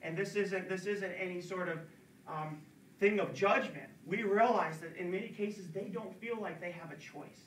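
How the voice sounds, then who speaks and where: A man's voice: high-pitched, moderate pace, slight background noise. A man giving an earnest talk at a college event, urging his listeners and repeating words for emphasis, recorded from a distance in a room. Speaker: speaker at a campus pro-life talk. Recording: echoey room, distant mic.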